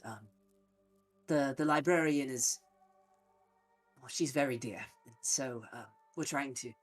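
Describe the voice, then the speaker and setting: A man voicing an earnest, weary guild master character in a tabletop game, formal and halting, with faint music behind. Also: mid-range voice, close to an everyday voice.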